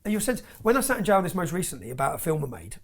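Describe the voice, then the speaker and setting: A man's voice: high-pitched, big pitch swings, racing, vocal fry. A man telling his story as an interview guest, intense and emphatic, often tagging his points with "yeah?". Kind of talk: heated personal storytelling.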